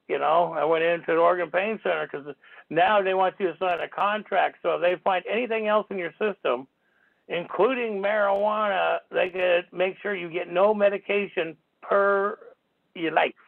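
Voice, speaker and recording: A man's voice: sits high, gravelly. A man hosting a call-in radio talk show, rambling and indignant, swearing casually, heard over a tinny phone line.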